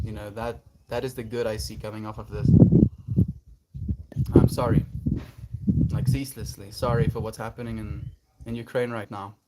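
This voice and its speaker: A man's voice: medium pitch, heavy background noise. A man chatting casually on a livestream, reflective and earnest, laughing often as he answers his chat.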